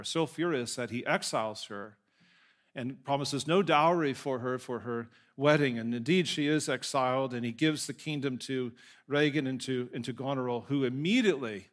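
A man preaching a sermon at a mid-range pitch. He reads scripture aloud and then moves into storytelling, keeping a conversational tone with asides and the occasional self-correction. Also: fairly bright tone. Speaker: pastor.

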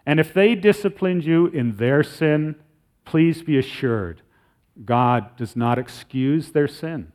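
A middle-aged man preaching a sermon as pastor, earnest, slowing down when he reads scripture aloud. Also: on the high side, lively intonation, a little mellow. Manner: earnest, slows down to read scripture.

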